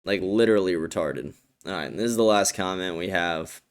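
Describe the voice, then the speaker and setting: Young guy streamer going off on a heated sweary rant, lowish voice, really clean and smooth sound. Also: brisk. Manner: heated, profane, blunt rant with many fillers. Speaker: livestream host. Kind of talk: ranting political commentary stream.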